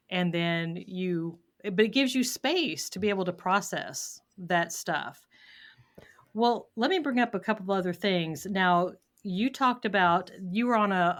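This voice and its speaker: A woman hosts a podcast interview in a slightly low voice. She sounds reflective and measured, pausing as she works through her thoughts. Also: a bit bright. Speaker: podcast host. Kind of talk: conversational interview.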